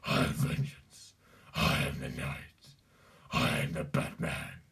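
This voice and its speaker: A brooding masked vigilante growls in a deep, gravel-filled voice pushed down from the throat, as a man puts him on. He speaks slowly and firmly, a bit back from the mic. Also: steady tone, a bit bright, distant mic, exaggerated voice. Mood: menacing.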